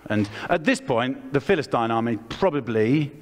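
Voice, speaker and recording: A man with an English accent preaching a lively storytelling sermon, acting out the characters as he tells the story. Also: mid-range voice, moderate pace, slight background noise. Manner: animated, acts out the characters' voices. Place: church hall. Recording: long hall reverb.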